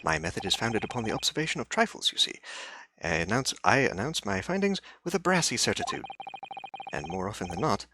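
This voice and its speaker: Man doing a grandiose british gentleman sleuth, showy, swooping, pompous. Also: fairly low pitch, very animated, a little fast, noisy background. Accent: put-on British. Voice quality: grandiose, theatrical delivery. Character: pompous, overconfident male gentleman detective. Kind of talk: reading game dialogue aloud. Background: game music.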